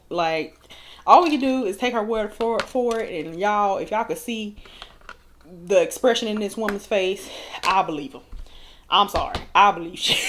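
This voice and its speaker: A woman's voice: medium pitch, fairly bright tone, slight background noise. A woman in her thirties telling a storytime while doing her makeup, chatty and laughing often. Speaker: vlogger.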